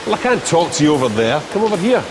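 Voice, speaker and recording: A man playing a soap opera character who talks in a coaxing, quietly menacing way. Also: a little high, very animated, fast, over music, low-quality recording. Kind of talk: TV drama acting.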